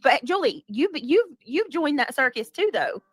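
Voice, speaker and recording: A woman's voice: sits high, big pitch swings, normal speed, soft background music. A woman hosting a casual livestream, chatting and thanking her viewers by name. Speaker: livestream host.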